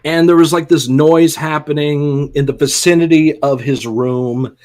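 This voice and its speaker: A man's voice: a little high, fairly even intonation, unhurried, darkish tone. Amused man telling a story. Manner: laid-back, amused, acts out quoted lines. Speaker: podcast co-host. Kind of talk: casual storytelling chat.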